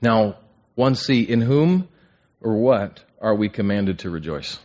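With lively intonation and a measured pace, a Bible study teacher whose voice is somewhat low and a little mellow questions his group to draw out answers. He tends to repeat words as he restarts phrases, heard through a dull, muffled lo-fi recording.

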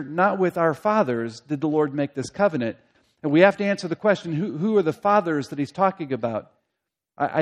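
Earnest man preaching, slightly high voice. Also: darkish tone. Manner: earnest, repeats phrases for emphasis. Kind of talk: expository sermon.

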